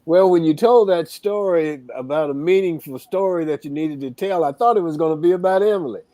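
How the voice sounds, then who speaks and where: A man's voice: fairly high pitch, brisk, dark tone, no echo. A man hosting a casual interview, wrapping it up with brief, joking asides.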